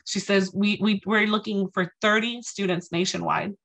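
A woman from Texas gives a lecture built around her own story, talking straight to a live audience. Her voice is bright and forward, and she acts out each quoted exchange with animation. She keeps checking in with the crowd as she goes. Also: mid-range voice, steady tone, moderate pace, vocal fry. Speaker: guest speaker.

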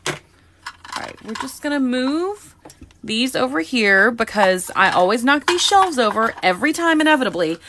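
A woman hosting a live unboxing, chatting excitedly and greeting viewers by name. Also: on the high side, normal speed, slight background noise. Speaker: live-stream host.

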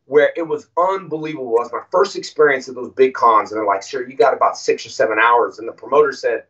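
A man as an interview guest, telling stories casually and acting out quoted lines with animated voices. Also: medium pitch, fast talker. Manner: animated, acts out quoted dialogue. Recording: distant, muffled audio.

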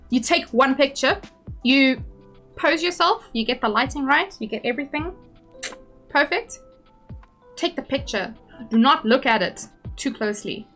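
A woman's voice: a little high, a bit bright. A young woman streaming from home, chatting casually with viewers in a bubbly, self-deprecating, giggly way. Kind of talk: casual live-stream chat.

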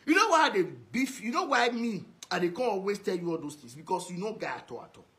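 A man's voice: high-pitched, big pitch swings, quick pace, fairly bright tone. A man with a Nigerian Pidgin accent delivering a ranting video message, scolding and insulting someone over and over. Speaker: social media commentator.

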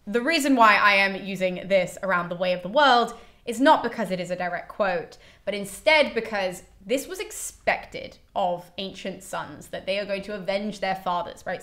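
A woman's voice: mid-range voice, fairly bright tone. Chatty woman summarizing a play. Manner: chatty, with playful mock quotes of the characters. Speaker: host explaining a classical play. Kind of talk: casual plot summary.

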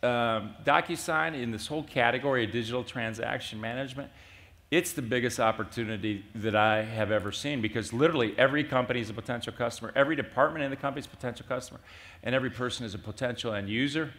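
An older man, a company CEO, speaking at a conference fireside chat and telling animated stories with acted-out dialogue. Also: mid-range voice, quick pace. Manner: animated storyteller, acts out quoted dialogue. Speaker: CEO being interviewed. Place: conference stage.

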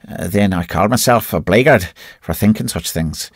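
A man's voice: lowish voice, moderate pace, husky, no room sound, clean studio sound. A man narrating a classic short story as an audiobook, telling it expressively in the first person.

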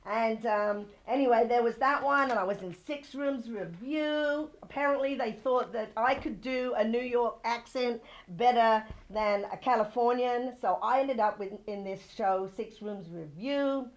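A woman's voice: unhurried, hardly any pauses. Effusive, gushing woman TV host. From not from Santa Barbara. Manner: effusive and gushing, high-spirited sign-offs. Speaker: TV show host. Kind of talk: chatty local TV hosting.

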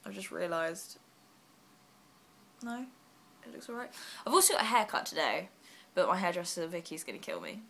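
A young woman vlogging casually while she is unwell, rambling and self-deprecating with quick asides. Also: on the low side, big pitch swings, creaky, a bit bright. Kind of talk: casual vlog chat.

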